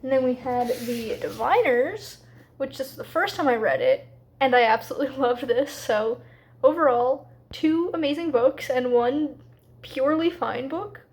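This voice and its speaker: A woman talking casually in a reading vlog, chatty and a little rushed, with lots of fillers. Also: sits high, expressive, a little mellow. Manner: quick, slightly rushed asides. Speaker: book vlogger.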